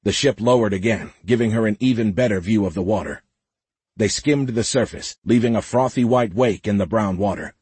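A man narrating a science fiction audiobook in a steady, measured way. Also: on the low side, slightly rough, no room sound. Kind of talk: scripted narration.

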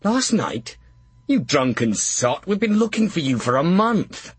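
A man playing a gruff castle guard in an audiobook, loud and scolding. His voice rings husky and raised, with lively rises and falls in his pitch. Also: a little slow, no room sound, exaggerated voice. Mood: blustering. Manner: blustering, scolding. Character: gruff male castle sentry, blunt and brusque.

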